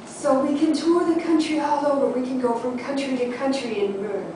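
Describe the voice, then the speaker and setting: Playful female improv student, bright pitch, echoey distant room. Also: fairly even intonation, brisk, noisy background. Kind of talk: improvised storytelling.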